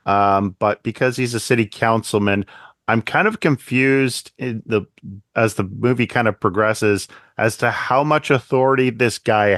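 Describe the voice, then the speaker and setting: A man's voice: mid-range voice, dry recording, clean studio sound. A man co-hosting a podcast, talking casually about a film and acting out quoted lines in playful voices. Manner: animated, acts out quotes in funny voices. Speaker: podcast co-host. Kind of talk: casual movie discussion.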